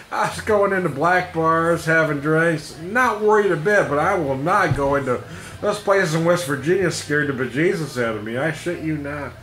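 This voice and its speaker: A man's voice: a little high, a little slow, a bit bright. A middle-aged man rambling through a casual monologue, laughing often and swearing freely. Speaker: podcast host. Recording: echoey room with faint music.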